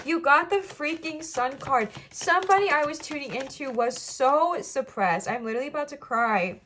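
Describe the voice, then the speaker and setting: A woman's voice: sits high, expressive, normal speed, a bit bright, slight background noise. A young woman giving an emotional, encouraging tarot reading, speaking straight to her viewers. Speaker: tarot reader.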